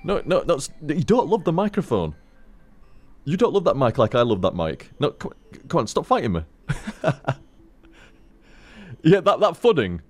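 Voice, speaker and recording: A man's voice: fairly high pitch, very animated, moderate pace, pauses often, faint music behind. A young man streaming from home into a desk microphone, rambling casually, swearing freely and chatting to his cat. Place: home room. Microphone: studio microphone on a desk stand.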